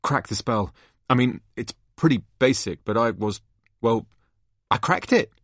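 A man's voice: mid-range voice, animated, measured pace, dry recording, clean studio sound. A man voicing an earnest teenage boy wizard in an amateur play-script reading, plain and earnest.

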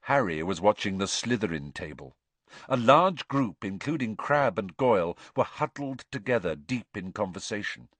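Expressive male audiobook narrator. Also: on the low side, moderate pace, no room sound. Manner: expressive storytelling.

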